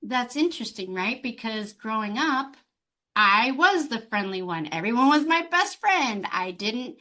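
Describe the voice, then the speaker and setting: A woman's voice: fairly high pitch, lively intonation, a little slow, bright, forceful tone. A middle-aged woman, a life coach, telling her story expressively in an interview. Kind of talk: conversational interview.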